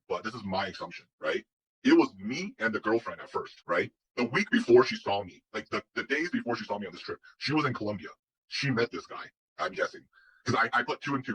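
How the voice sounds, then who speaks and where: A man's voice: lowish voice, bright, forceful tone, husky, low-quality recording. A man telling a personal story in a casual, rambling way, full of restarts and quoted dialogue. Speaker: guest telling his story.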